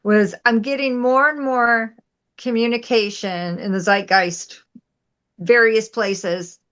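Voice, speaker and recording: A woman's voice: fairly high pitch, steady tone, slow, fairly bright tone. Woman podcast co-host on a muffled line. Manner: earnest storytelling, conversational. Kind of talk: casual political chat.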